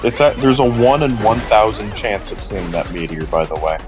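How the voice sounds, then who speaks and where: A man's voice: lowish voice, lively intonation, moderate pace, over music. A man chatting casually as a co-commentator on a let's-play, giving game tips and laughing often. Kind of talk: casual gameplay chat.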